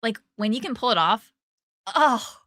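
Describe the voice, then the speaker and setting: A woman chats casually as co-host, her voice bright, forceful and a little high-pitched. She tells her story in lively bursts, jumping into the voices of the people she quotes. The sound is dry and close to the mic. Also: a little slow, dry recording. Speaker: podcast co-host. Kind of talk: casual chat.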